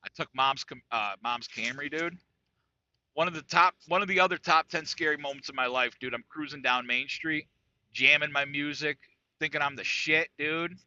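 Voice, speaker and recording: A man in his forties hosting a podcast, telling a story in a casual, profane, animated way, saying "dude" constantly. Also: a little high, normal speed, dry recording. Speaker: podcast host. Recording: dull lo-fi dry recording.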